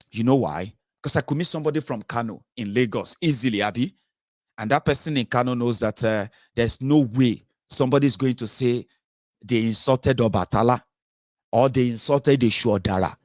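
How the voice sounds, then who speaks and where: In a mid-range voice, a Nigerian man hosting political commentary delivers a heated, rhetorical monologue, peppered with filler sounds. The recording is studio quality with no echo.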